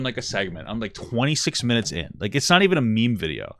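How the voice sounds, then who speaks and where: A man's voice: lowish voice, big pitch swings, quick pace, a bit bright, no room sound. A young man talking through a live stream reaction, blunt, irritated at times, swearing and saying "like" a lot. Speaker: livestream commentator reacting to a video.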